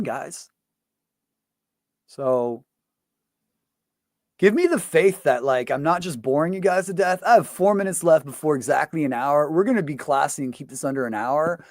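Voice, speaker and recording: A man's voice: a little high, a little mellow, no echo, clean studio sound. A man hosting his own show in a casual, rambling rant, swearing often and filling gaps with "like". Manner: profane, rambling, full of fillers. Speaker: show host. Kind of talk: casual ranting monologue.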